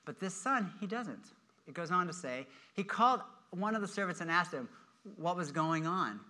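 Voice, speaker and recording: A man preaching a sermon with a high, very bright voice. He tells the story with energy and acts out the characters' lines in changing voices. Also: moderate pace. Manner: animated storytelling, acting out quoted voices. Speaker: pastor.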